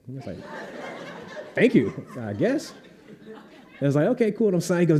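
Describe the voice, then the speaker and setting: A young man spins a comic anecdote at a live author panel, jumping into the voices of everyone in the story. His voice sits a little high but stays warm and mellow, and he laughs easily along the way. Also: a little fast, long pauses. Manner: animated storyteller, acts out voices, laughs often. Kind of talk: anecdote telling at a live event.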